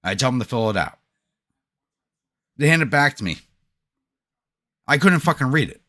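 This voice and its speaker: A man's voice: mid-range voice, expressive, moderate pace, sharp tone. Blunt, profane New York man streaming. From United States. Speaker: livestream gaming host. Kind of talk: casual chat with stream viewers.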